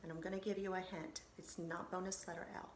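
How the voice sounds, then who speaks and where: A woman's voice: on the low side, little pitch movement, fast, reverberant, slight background noise. A woman teacher giving a recorded phonics lesson to children, patiently sounding out syllables and reassuring them.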